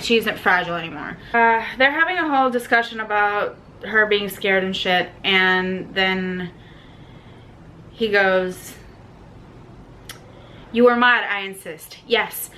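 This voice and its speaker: A young woman ranting about a book, her voice bright and sharp-edged. She swears freely in her exasperation and breaks off to read passages aloud. A faint hiss sits under the recording. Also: mid-range voice. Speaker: book reviewer. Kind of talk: ranting book review vlog.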